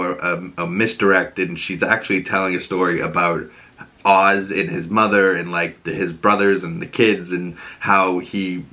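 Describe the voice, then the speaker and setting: A man with a Boston accent giving a casual, animated episode recap, acting out the characters' lines. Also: low voice. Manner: animated, acts out characters' lines in raised voices. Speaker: TV show reviewer.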